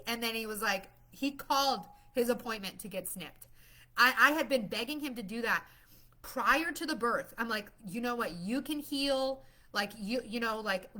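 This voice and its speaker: A bubbly woman rambles through a casual live stream, greeting viewers and laughing often. Her voice sits a little high and rings bright and forceful, and she talks into a phone or webcam mic. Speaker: livestream host promoting her masterclass.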